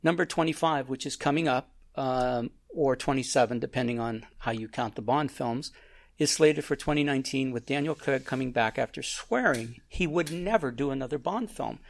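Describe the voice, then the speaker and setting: A man's voice: medium pitch, moderate pace, creaky. A man hosting a casual film chat, rambling and restarting his sentences. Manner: rambling, self-interrupting.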